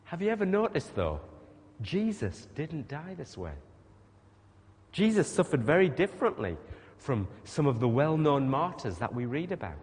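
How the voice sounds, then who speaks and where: A man's voice: a little high, sing-song, moderate pace, a little mellow. A man preaching a sermon, speaking emphatically and putting rhetorical questions to the congregation. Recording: long reverb of a large hall.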